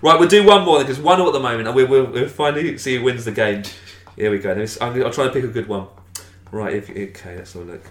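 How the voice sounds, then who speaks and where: A man's voice: medium pitch, quick pace. A man hosting a game of insults, playful and chatty, laughing often. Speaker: host running a game. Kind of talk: casual game banter. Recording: roomy echoey room.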